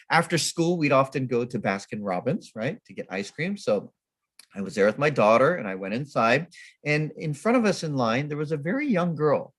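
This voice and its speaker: A middle-aged man from Sacramento tells humorous stories at a temple service, poking fun at himself as he goes. His voice sits somewhat high for a man and rises and falls with animated swings. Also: husky. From Sacramento, California. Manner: animated, self-mocking storyteller. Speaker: guest speaker at a temple service. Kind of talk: storytelling talk.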